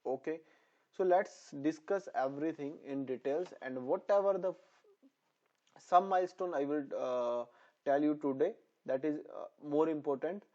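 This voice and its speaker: A man teaching a pediatrics lesson, repeating terms over and over for memorization, his voice a little hoarse. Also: fairly high pitch, moderate pace, a little mellow. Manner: repetitive, drilling terms for memorization. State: voice slightly hoarse. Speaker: nursing exam tutor. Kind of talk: online lecture. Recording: dull lo-fi sound.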